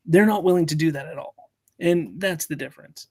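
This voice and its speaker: A man hosting a casual live stream, his voice pitched a little high. He rambles in an animated way and circles back over his own words. The sound is dry and close. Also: fairly quick, no echo. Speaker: host.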